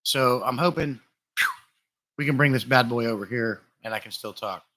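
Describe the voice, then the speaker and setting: A man's voice: mid-range voice, normal speed. Chatty man on a live stream. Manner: chatty, relaxed, greets viewers by name. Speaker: livestream host. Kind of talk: casual live-stream chat. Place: room full of glass fish tanks. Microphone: desktop USB condenser mic.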